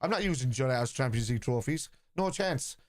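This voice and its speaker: A man's voice: mid-range voice, animated, brisk, darkish tone. Combative Irish man arguing with his chat. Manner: combative, argues point by point with viewers. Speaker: football fan streamer. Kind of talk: live watchalong stream, answering chat.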